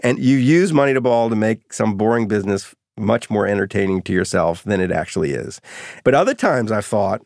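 A middle-aged man, an author being interviewed, telling anecdotes in a lively, casual way. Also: fairly low pitch, a little fast, vocal fry, no room sound, clean studio sound. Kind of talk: storytelling interview.

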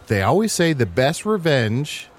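A man co-hosting an improv comedy show with quick, wry remarks. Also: mid-range voice, sing-song, slight background noise.

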